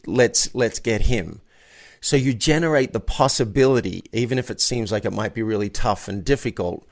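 A man's voice: on the low side, normal speed. A man sharing a personal story in a casual conversation as a guest, earnest and prone to restarting his sentences. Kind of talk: casual chat.

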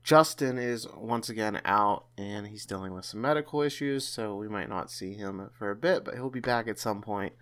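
A man hosts a casual podcast in a low, smooth, resonant voice. He talks in a chatty way and often trips over and restarts his sentences. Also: normal speed, few pauses, a bit bright. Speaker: podcast host.

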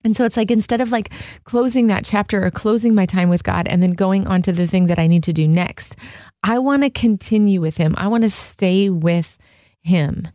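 An earnest woman co-hosting a faith chat, her voice soft and mellow. She talks from the heart in a loose, conversational way, full of little fillers. The sound is close and dry. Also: medium pitch, normal speed, no echo. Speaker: co-host. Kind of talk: casual devotional chat.

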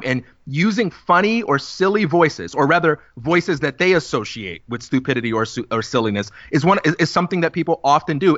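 A man co-hosting a casual podcast, explaining ideas in a measured, step-by-step way. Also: on the high side, a bit bright, no room sound. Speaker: podcast co-host. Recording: dry, dull lo-fi podcast audio.

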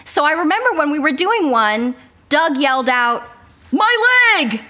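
A woman's voice: high-pitched, moderate pace. A woman, a voice actor, telling studio stories in a casual interview over a video call. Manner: animated, storytelling with laughs. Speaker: voice actor guest.

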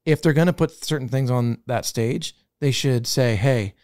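A man's voice: medium pitch, moderate pace, a little mellow, clean tone, no room sound, clean studio sound. Chatty man co-hosting a podcast. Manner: rambling, conversational, fond of "I feel like". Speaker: podcast co-host. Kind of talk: casual chat. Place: theater.

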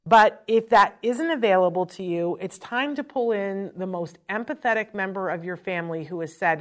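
A middle-aged woman hosting a chatty advice talk, telling stories in an animated, frank way. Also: medium pitch, normal speed, hardly any pauses. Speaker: host. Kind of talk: live-stream advice talk.

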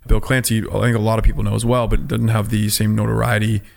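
A man hosts a casual interview, his voice low and gravelly. He speaks in a flat, even tone and asks short follow-up questions in a relaxed way. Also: quick pace. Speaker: host, orthopedic surgeon.

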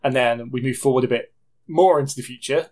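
A man's voice: mid-range voice, a little fast, darkish tone. A man, co-hosting a podcast and recapping a film plot in a loose, self-correcting way. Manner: rambling, self-correcting, laughs at himself. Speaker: podcast co-host. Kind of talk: casual film review chat.

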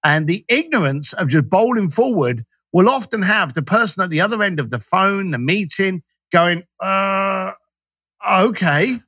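A man tells stories as an interview guest, and his high voice swoops up and down as he acts out the lines of people he quotes. His tone is bright and a little husky. The recording is close and dry. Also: moderate pace, hardly any pauses, no room sound. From Irish, raised in East London. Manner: animated, acts out quoted dialogue. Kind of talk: storytelling interview talk.

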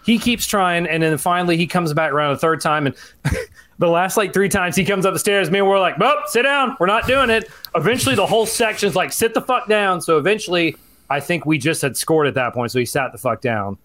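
A man rattles off a story at speed, his voice sitting a little high. He swears constantly and turns animated and loud whenever he acts out what someone said. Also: brisk. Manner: animated, profane, acts out quotes in raised voice. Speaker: podcast co-host. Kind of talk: casual chat, storytelling rant.

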